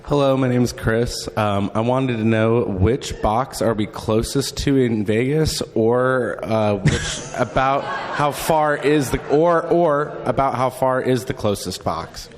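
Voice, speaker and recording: A man's voice: mid-range voice, slow pace, few pauses. A man in the audience asking a hesitant question. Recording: echoey convention hall reverb.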